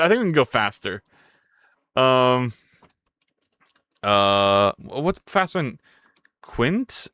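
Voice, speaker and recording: A live streamer talking through code, with a voice that swings widely up and down. The delivery is slow and unhurried between sudden excited yelps, and the sound is dry and close. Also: medium pitch, smooth, no room sound. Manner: excitable, yelps and swears when things break; playful, chats with viewers between tasks. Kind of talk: thinking aloud while coding on a live stream.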